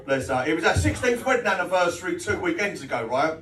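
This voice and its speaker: A middle-aged British man doing stand-up, with a fairly high voice and a crude, cheeky delivery, chuckling at his own punchlines. The mic catches him from a distance in a roomy social club. A crowd laughs loudly in the background. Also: big pitch swings, quick pace. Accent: British English. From Britain. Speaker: stand-up comedian. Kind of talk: live stand-up set with crowd banter. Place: small social club comedy night. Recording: roomy venue audio taken from a distance, with crowd noise. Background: audience laughter.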